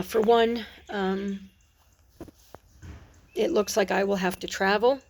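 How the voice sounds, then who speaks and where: Middle-aged woman, earnest faith vlogger, mid pitch, reflective and halting, recorded outdoors with faint birds behind. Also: a little mellow, slight background noise. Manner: earnest and reflective, with pauses and restarts. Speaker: Christian vlogger. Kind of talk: personal faith vlog. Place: outdoors on a porch. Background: birds and dogs outside.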